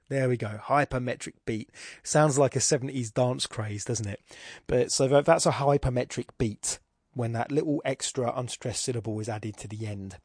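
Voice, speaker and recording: A man's voice: mid-range voice, darkish tone, no echo, clean studio sound. A man with an Irish accent hosting a podcast, talking through a poem's form casually and thinking aloud with frequent restarts. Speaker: podcast host. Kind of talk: casual spoken poetry analysis.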